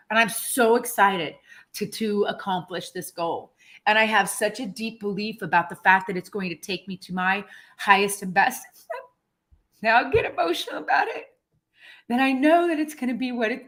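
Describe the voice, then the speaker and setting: A woman giving a casual motivational talk to her viewers, earnest and emotional, animated, with pauses and restarts. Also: mid-range voice. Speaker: motivational vlogger.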